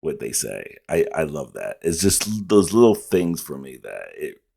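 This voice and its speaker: Reaction host, male, very low voice, loose rambling delivery with lots of laughing. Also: big pitch swings, normal speed, vocal fry, mellow, breathy edge. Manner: laughs often, rambling with restarts. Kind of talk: casual reaction commentary.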